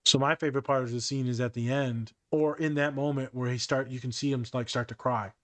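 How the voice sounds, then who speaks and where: A man's medium-pitched voice moves a little fast here, with no room sound. He hosts a casual podcast chat, relating therapy-office stories as an animated storyteller who performs the quoted dialogue.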